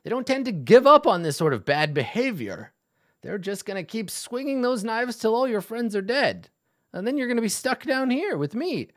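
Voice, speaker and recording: Man as smug old dwarf with a staff: pitched up, mock-reasonable, needling. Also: very animated, moderate pace.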